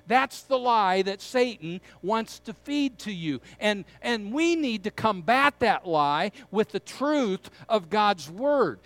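A man's voice: high voice, very animated, slow, hardly any pauses, a bit bright. A middle-aged man preaching a sermon, earnest and emphatic, repeating key words to drive his point home. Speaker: pastor.

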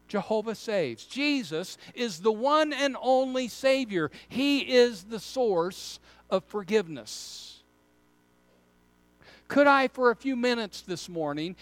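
Male pastor, middle-aged, unhurried emphatic sermon delivery, high-pitched. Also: dry recording. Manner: earnest preaching with emphatic repetitions.

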